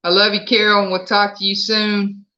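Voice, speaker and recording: Pitched in the middle with a level tone, this voice moves at a moderate pace and sounds pushed and bright. It belongs to a Southern-accented livestream host who chats casually from home and responds aloud to viewer comments, and the lo-fi recording is a bit dull.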